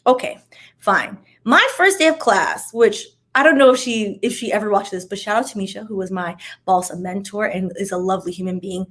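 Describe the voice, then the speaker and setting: A young adult woman telling a story in a casual, animated vlog chat. She acts out what people said, with chatty asides. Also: mid-range voice, a little fast. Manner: animated, dramatic retelling with acted-out quotes; chatty asides, says "child" and "like" often. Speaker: vlogger.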